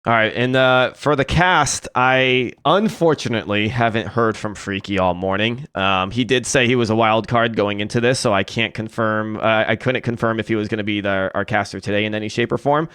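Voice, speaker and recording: A man's voice: on the low side, moderate pace, hardly any pauses, a bit bright, smooth, dry recording, studio quality. A man hosting a live esports tournament stream, casual and joking with many fillers. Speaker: esports caster and host.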